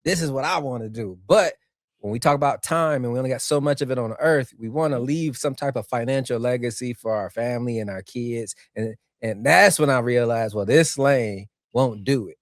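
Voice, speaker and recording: A middle-aged man co-hosting a podcast, reflecting in a measured, storytelling way. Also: mid-range voice, no room sound, clean studio sound. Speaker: podcast co-host. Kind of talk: casual podcast chat.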